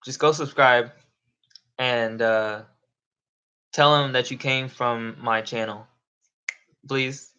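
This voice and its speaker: A man's voice: mid-range voice, fairly even intonation, takes it slowly, long pauses, bright, forceful tone, smooth, highs cut off. A young man chatting casually on a live stream, rambling and swearing, often laughing. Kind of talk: casual livestream chat.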